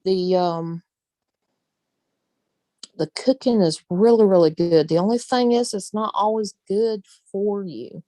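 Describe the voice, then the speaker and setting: A woman's voice: medium pitch, slow, pauses often, mellow, no echo. A woman from the Southern United States with a Southern accent, chatting casually on her vlog, laughing often and using folksy phrases. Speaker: vlogger. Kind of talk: casual chat.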